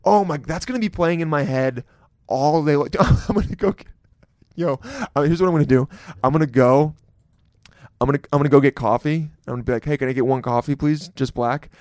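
A man's voice: fairly high pitch, brisk, a little mellow, dry recording, clean studio sound. A man hosting a podcast, talking casually in a loose, jokey and profane way, laughing often. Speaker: podcast host. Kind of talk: casual solo podcast intro.

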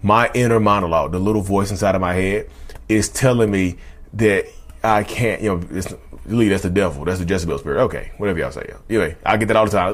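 Rambling baritone man hosting a podcast. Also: quick pace. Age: 30s. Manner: rambling, repeats himself, addresses listeners as y'all. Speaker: podcast host. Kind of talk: casual podcast monologue.

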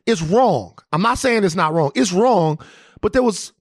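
Animated, slightly high-voiced male podcaster. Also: breathy edge, no room sound, studio quality. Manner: animated, profane, halting restarts. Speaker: podcast co-host. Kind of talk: casual storytelling chat.

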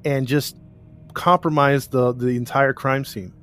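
A man's voice: medium pitch, fairly even intonation, a little slow, fairly bright tone, soft background music. A man co-hosting a casual chat, recounting a case in a rambling way with restarts and laughs. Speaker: podcast co-host recounting a case.

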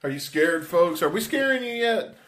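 A man's voice: high voice, very animated, moderate pace, a bit bright. A man hosting a podcast in loose, joking chat, swearing freely and laughing often. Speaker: podcast host. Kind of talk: casual chat.

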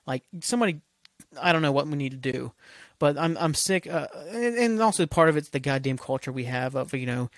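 A male podcast host rambling through a heated solo rant, full of swearing and restarts. His voice sits a little high, and the sound is dry and close, with no room echo. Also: expressive, fairly quick.

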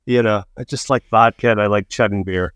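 A man's voice: fairly low pitch, fairly even intonation, a little fast, fairly bright tone, no room sound, clean studio sound. A man telling loose, profane stories in casual chat, stumbling through restarts and stammers as a comedian and director. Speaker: comedian and film director, podcast guest.

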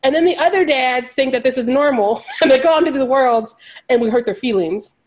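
A woman co-hosting a podcast, recapping a movie in casual chat with sarcastic, animated jokes and frequent laughter. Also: high-pitched, fairly quick, slight background noise. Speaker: podcast co-host.

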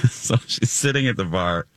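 A man co-hosting a morning radio show, telling a story in an animated way and laughing often. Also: deep voice, measured pace, no echo. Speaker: radio co-host. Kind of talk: casual morning radio chat.

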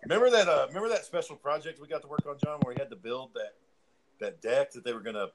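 A man's voice: mid-range voice, fast talker, crowd noise. A man in casual chat, telling stories in a loose, profane, joking way. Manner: loose, profane, laughing storytelling.

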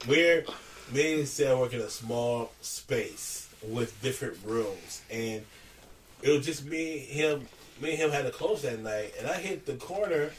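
A man's voice: mid-range voice, animated, unhurried, far from the mic, slight background noise. A man co-hosting a casual chat, telling a profane story and laughing through it.

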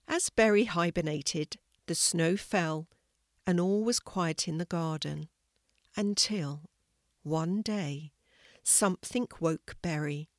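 Older woman, grandma storyteller, low gentle voice, dry close sound, measured read. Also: no room sound. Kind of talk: reading a children's story.

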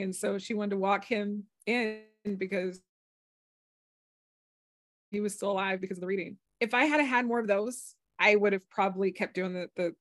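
A woman's voice: mid-range voice, no echo, clean studio sound. A woman guest, a healer and former psychic, telling a story in conversation and acting out the voices she quotes. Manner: animated, acts out quoted voices.

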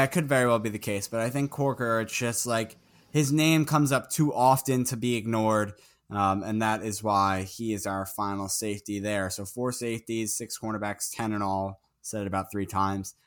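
A man's voice: lowish voice, clear, resonant tone. A young man co-hosting a casual sports podcast, talking in a rambling way full of fillers and small laughs. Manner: rambling, filler-heavy, chuckling. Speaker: podcast co-host.

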